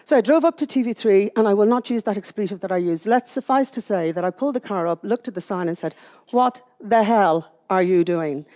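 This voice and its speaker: Fast-talking Irish woman telling her story. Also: mid-range voice. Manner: lively, candid storyteller with self-mocking humour. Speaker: public speaker. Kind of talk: personal storytelling talk to a live audience. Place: room with an audience.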